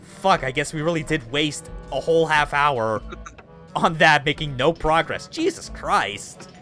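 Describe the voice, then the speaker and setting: A man's voice: fairly high pitch, measured pace, pushed and bright, soft background music. A young man hosting a game stream, chatting casually, swearing freely and laughing often. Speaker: streamer host.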